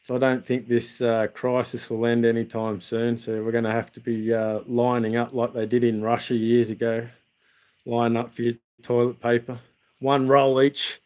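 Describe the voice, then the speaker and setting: A man's voice: medium pitch, little pitch movement, normal speed, a little mellow. An Australian man vlogging outdoors, telling rambling stories to his viewers with many restarts and fillers. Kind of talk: casual storytelling to viewers.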